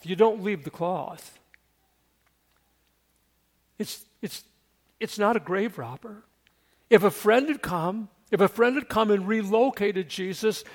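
A man preaching a sermon, telling a scripture story dramatically and asking his listeners questions. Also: sits high. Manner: dramatic storytelling, acting out quotes; conversational, asks the listeners questions. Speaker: pastor.

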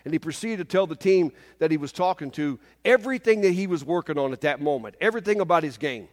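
A man in his fifties preaching a sermon in a church service, animated and often asking the congregation "Amen?". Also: fairly high pitch, quick pace, hardly any pauses, long reverb tail. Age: 50s.

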